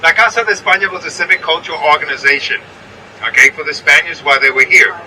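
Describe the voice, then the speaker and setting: A man with a New York accent narrates a bus tour, pointing out sights from the moving vehicle and chatting with his listeners as he checks in on them. His voice runs a bit high, quick, pushed and bright. The audio is poor, recorded from a distance.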